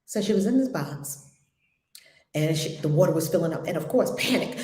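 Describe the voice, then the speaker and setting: Woman, spiritual group leader; animated, emphatic storyteller; mid-pitched, echoey room. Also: normal speed. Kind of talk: conversational spiritual teaching.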